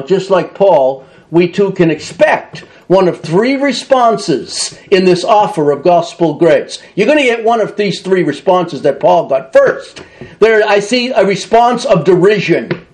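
A man's voice: sits high, a little mellow. A man preaching a sermon, reading scripture aloud and acting out the mockers' voices with feeling. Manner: impassioned preaching with dramatic reading and mock voices. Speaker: pastor.

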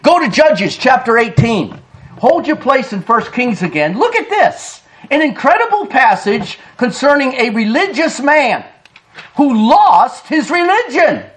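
Very high-voiced preacher man. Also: very animated, unhurried, fairly bright tone. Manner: emphatic, reads old-style scripture aloud, addresses listeners as folks. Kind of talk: sermon with scripture reading.

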